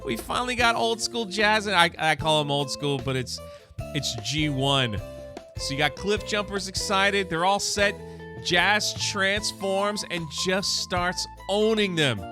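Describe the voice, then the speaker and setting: A man hosting a comic book channel, recapping an issue in a chatty, excited way and often restarting his words. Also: high voice, unhurried, music in the background.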